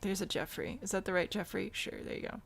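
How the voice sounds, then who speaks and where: Woman rambling through a zoo sim let's play, bit of vocal fry, chats to her animals. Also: mid-range voice, steady tone, fast, noisy background. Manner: chatty, thinks aloud, talks to the animals. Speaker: game streamer. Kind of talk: casual let's-play commentary.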